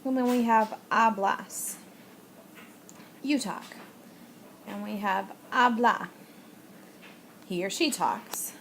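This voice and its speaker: A woman teacher talks her students through a recorded lesson, patient and methodical, pausing on fillers as she goes. Her voice sits at an ordinary middle pitch. A faint steady noise runs under the recording. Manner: patient, explains step by step with frequent fillers. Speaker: Spanish teacher.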